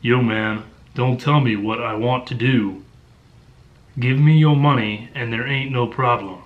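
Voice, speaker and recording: A man voicing a menacing young male street mugger in a deliberately flat monotone, mocking an audiobook narrator. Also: medium pitch, phone-quality sound, natural voice. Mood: threatening. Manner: flat monotone parody reading.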